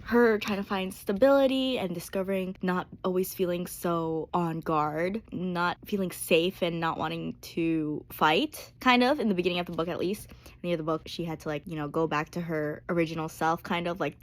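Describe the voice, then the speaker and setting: A woman chatting casually and emotionally in a reading-reaction vlog, with lots of "like" fillers. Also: lowish voice. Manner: gushing, emotional, heavy use of "like". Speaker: book vlogger.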